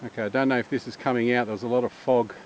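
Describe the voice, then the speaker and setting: Male vlogger, casual trail narration, muffled action-cam sound, loud outdoor noise. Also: medium pitch, steady tone, rapid-fire. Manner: chatty, self-narrating on the move. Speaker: bushwalking vlogger. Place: outdoors in bush gorge by a waterfall.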